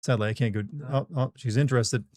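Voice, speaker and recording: A man's voice: medium pitch, fairly even intonation, quick pace, a little mellow, no room sound. Chill guy streaming games, rambly, dry close sound. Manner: laid-back, rambling, talks to viewers and his pet. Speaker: game streamer. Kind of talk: casual live-stream chat.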